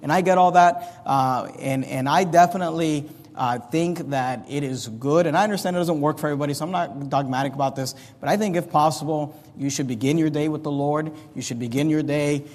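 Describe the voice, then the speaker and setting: A man's voice: fairly high pitch, fairly quick, hardly any pauses, darkish tone. A man preaching a sermon as pastor, explaining scripture in an earnest, plain-spoken way with frequent restarts. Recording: long reverb of a large hall.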